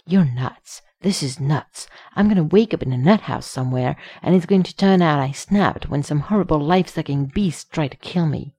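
A woman reading a story aloud and voicing a flustered, anxious man who frets in quick bursts. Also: deep voice, mellow, slightly rough, dry recording. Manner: rapid, fretful exclamations.

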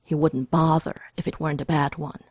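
A woman voicing a brusque, brilliant male detective in a story reading, speaking in a low, clipped, measured way. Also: steady tone, a little mellow, breathy edge, no echo, clean studio sound. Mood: brisk.

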